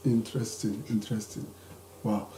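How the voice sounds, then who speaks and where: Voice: medium pitch, little pitch movement, normal speed, dark tone, roomy sound, a little hiss or hum. A host of a live-stream talk show who sums up the guest's points for the audience. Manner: backchannels often, sums up for the audience.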